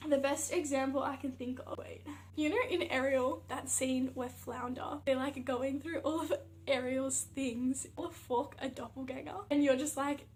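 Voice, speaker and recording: A young woman with an Australian accent talks casually to camera, her voice sitting notably high. She tells stories in a chatty, animated way, dropping plenty of fillers, with a faint hum behind her. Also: moderate pace. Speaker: athlete vlogger.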